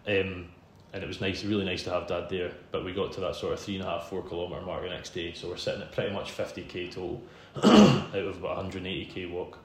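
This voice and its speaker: A man's voice: deep voice, fairly even intonation, quick pace, hardly any pauses. A man with a Scottish accent, a podcast host now the guest, telling a long story in a chatty, self-deprecating way with frequent laughs. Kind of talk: casual storytelling in a podcast interview. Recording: roomy room sound with faint background hum.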